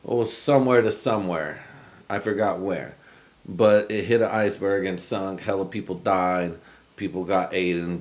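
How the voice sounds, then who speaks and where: A man from the United States hosting a podcast, talking in a loose, rambling monologue full of profanity. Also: deep voice. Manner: profane, rambling, laid-back. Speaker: podcast host.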